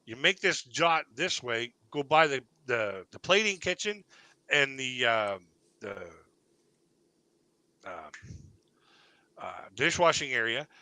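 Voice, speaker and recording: A man's voice: mid-range voice, lively intonation, slow pace, long pauses, pushed and bright, dry recording, low-quality recording. A man hosting a live online comedy panel, telling a long rambling anecdote and laughing at his own story. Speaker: stand-up comedian host.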